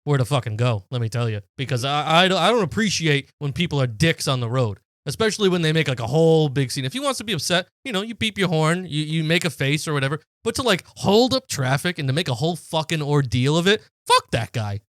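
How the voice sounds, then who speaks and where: A man's voice: on the high side, animated, fast, hardly any pauses, a bit bright, no room sound, studio quality. A man co-hosting a podcast in casual chat, brash and teasing, swearing freely. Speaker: podcast co-host.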